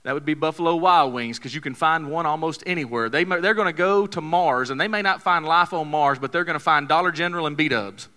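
A man's voice: fairly high pitch, a little fast, hardly any pauses, sharp tone. A man, preaching a sermon in a folksy, joking, conversational way, telling a story to his congregation. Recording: long hall reverb.

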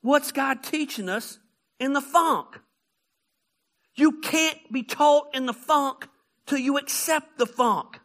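Animated high-voiced pastor preaching. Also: male voice, slow. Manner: animated, often shouting, storytelling. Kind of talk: sermon with comic stories.

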